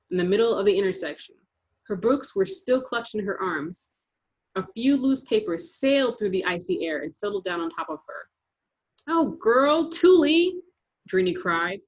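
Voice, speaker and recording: A woman narrating a children's chapter book aloud in a lively, rhythmic reading. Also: mid-range voice, slightly rough. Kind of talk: storybook read-aloud. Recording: dull lo-fi recording.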